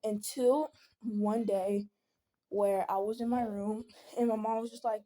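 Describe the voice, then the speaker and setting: A teenage vlogger vents in a casual video, rambling earnestly and often slipping into soft pleading. Her mid-range voice is mellow and warm, never bright, with fairly even intonation and an unhurried pace.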